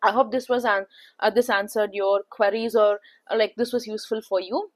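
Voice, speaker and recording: A woman's voice: medium pitch, fairly even intonation, a little fast. A young woman with an Indian accent talking through test practice in a casual, filler-heavy way, often checking in with "okay". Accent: Indian English. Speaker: placement test tutor. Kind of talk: casual spoken tutorial.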